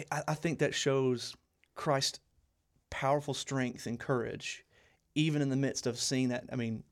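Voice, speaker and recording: An earnest young man talking through a Bible chapter in a relaxed podcast chat. He tends to repeat words and restart his sentences as he works through an idea, in an average-pitched voice. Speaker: co-host. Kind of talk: casual Bible study podcast.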